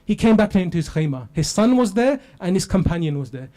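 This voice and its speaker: A man's voice: high voice, sing-song, brisk, warm tone. A man delivering an impassioned religious sermon, building to a lamenting cry. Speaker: lecturer. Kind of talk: emotional religious sermon narration.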